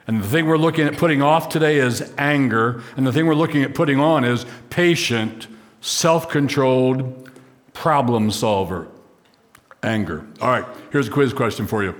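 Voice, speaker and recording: A man preaching a sermon, walking through a scripture passage and putting questions to the congregation. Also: medium pitch. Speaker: pastor. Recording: long reverb of a large hall.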